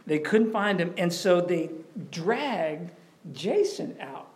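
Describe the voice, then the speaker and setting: A man preaching a sermon in a conversational, animated way, often asking questions of the audience. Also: high-pitched, takes it slowly. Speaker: pastor.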